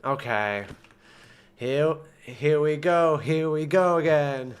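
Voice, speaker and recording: A man's voice: fairly high pitch, slow pace, smooth. A young man commenting casually on his own gameplay, muttering to himself and breaking into frustrated outbursts. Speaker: gaming streamer.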